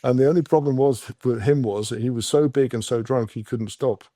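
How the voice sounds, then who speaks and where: An English man, a podcast guest, telling stories casually with many halting restarts. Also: medium pitch, warm tone. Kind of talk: casual storytelling.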